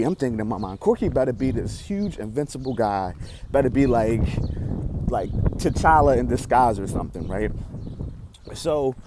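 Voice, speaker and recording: Young man vlogger, expressive storyteller, mid pitch, faint street noise outside. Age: young adult. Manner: excitable, swings loud and soft, acts out lines. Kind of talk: animated storytelling.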